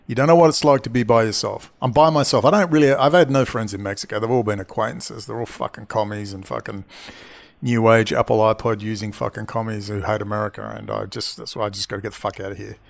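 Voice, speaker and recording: Gravelly, profane man ranting. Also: on the low side, steady tone, fast. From Australia. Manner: angry, profane, rambling. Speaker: independent commentator. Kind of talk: ranting monologue.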